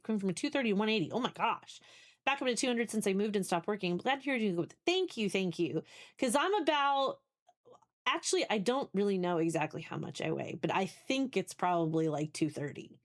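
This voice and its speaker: A woman in her forties chatting casually on a live stream, candid and rambling as she thinks aloud, with many restarts. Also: medium pitch. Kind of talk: casual chat.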